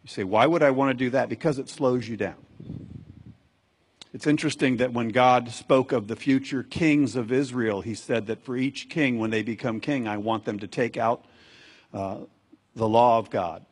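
A man's voice: medium pitch, normal speed, slightly rough. A man preaching a sermon as a pastor, earnest and exhorting, repeating phrases for emphasis.

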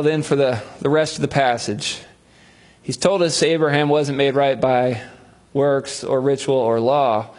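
Husky-voiced man preaching with humor. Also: mid-range voice. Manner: storytelling, acts out voices of biblical figures with humor. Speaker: pastor. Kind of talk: sermon.

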